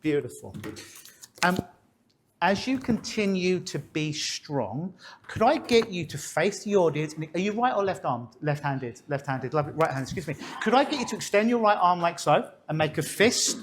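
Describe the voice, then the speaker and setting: A man's voice: high-pitched, expressive, moderate pace, slight background noise. A man working as a stage hypnotist, coaxing and instructing a volunteer during a live demonstration on stage. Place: on a stage before an audience.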